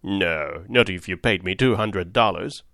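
Man doing a growling sea captain, low gravelly pitch, blunt clipped answers, dry sound. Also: a little slow, a bit bright, no echo, heavily acted. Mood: gruff. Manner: clipped, blunt one-word refusals. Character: gruff middle-aged male sea captain, curt and stubborn. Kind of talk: audiobook character voice.

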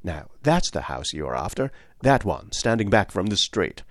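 A man's voice: low-pitched, very animated, moderate pace, dry recording, clean studio sound. Man doing a nervous, secretive old miner. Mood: warning. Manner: urgent and hushed at times. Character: nervous middle-aged male miner, secretive.

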